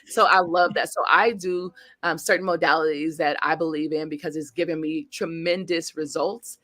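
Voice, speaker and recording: A woman guest speaker and coach telling stories in an interview, animated, acting out the quotes and speaking straight to the audience. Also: low-pitched, normal speed, no echo. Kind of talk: storytelling interview.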